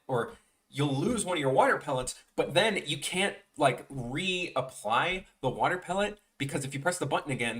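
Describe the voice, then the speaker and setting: A man's voice: medium pitch, a bit bright. A young man with a Chicago accent chatting casually with viewers on a drawing livestream, rambling with lots of restarts. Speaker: art streamer.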